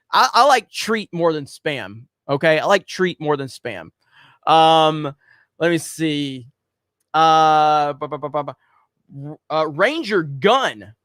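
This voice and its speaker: Casting: male livestream host, a touch high in pitch, loose and rambling, dry close mic. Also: bright, forceful tone, dry recording. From United States. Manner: loose and rambling, many fillers, reads viewer messages aloud. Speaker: livestream host reading super chats. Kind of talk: casual livestream chat.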